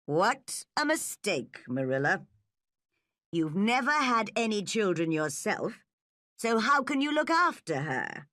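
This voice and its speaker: A woman's voice: medium pitch, big pitch swings, takes it slowly, bright, forceful tone, no room sound, studio quality, voice pushed up, exaggerated voice. A woman voicing a nosy, blunt older village woman who tuts and disapproves in a storybook reading. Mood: disapproving. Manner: tutting and disapproving.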